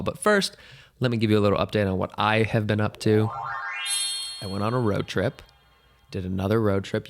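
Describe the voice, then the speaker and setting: A young man hosting a casual solo podcast, his voice hoarse and weak, rambling along in a jokey, self-deprecating way. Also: fairly low pitch. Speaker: podcast host.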